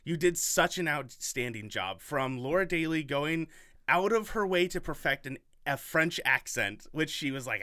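A man's voice: fairly high pitch, animated, normal speed, pushed and bright, no echo, studio quality. A man hosting a podcast in casual chat, rambling and enthusiastic with lots of fillers. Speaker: podcast host.

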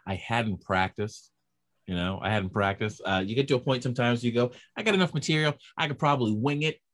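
A man with a mid-range voice talks fairly quickly, a stand-up comedian swapping stories in a casual chat. He's an animated storyteller who acts out the voices of the people he quotes.

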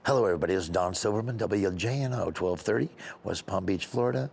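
A man playing a local radio talk host, with a measured on-air announcer delivery. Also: low voice, gravelly, a little mellow, slight background noise, voice pushed down. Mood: announcing.

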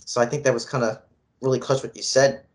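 A man's voice: medium pitch, level tone, fast talker. A man co-hosting a podcast, loosely explaining an idea to listeners with lots of fillers. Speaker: podcast co-host. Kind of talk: casual podcast chat.

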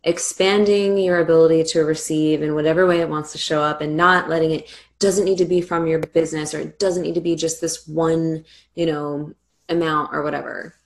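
A woman hosting a podcast, asking loose questions with many ums and giving soft backchannels. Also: low-pitched, little pitch movement, brisk. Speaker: podcast host. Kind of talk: casual podcast interview.

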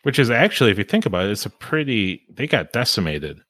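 A man hosting a podcast in casual chat, chatty and quick to laugh, often trailing off mid-sentence. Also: lowish voice, sing-song, fairly bright tone, dry recording. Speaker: podcast host.

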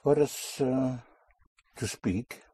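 Slow, husky male language teacher. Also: mid-range voice, dark tone, no room sound, studio quality. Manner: patient, repeats words and corrects pronunciation. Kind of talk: classroom drill lesson.

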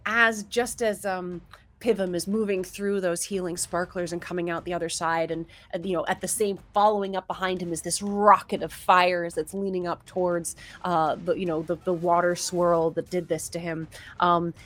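A woman's voice: lowish voice, flat delivery, a bit bright. A woman running a tabletop game as game master, narrating the action with frequent restarts. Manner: descriptive, halting narration with restarts.

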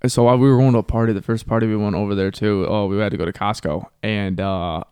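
Young ohio dude cohosting, cusses a lot, rambles, dry close sound. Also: male voice, fairly low pitch, steady tone, fast talker, a little mellow, clear, resonant tone, no echo. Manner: profane, rambling storyteller. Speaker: podcast co-host. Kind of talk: casual chat.

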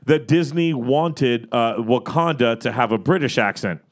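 A man hosting a podcast in casual chat, animated and joking, often acting out what others might say. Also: mid-range voice, unhurried. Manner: animated, joking, acts out quoted lines. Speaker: podcast host.

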